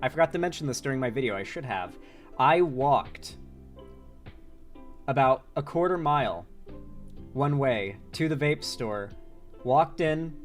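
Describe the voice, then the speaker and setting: A man's voice: medium pitch, measured pace, long pauses, soft background music. A man from Florida chatting casually on a live stream, rambling and swearing, with a sore throat. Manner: rambling, profane, excitable. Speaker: political commentary streamer.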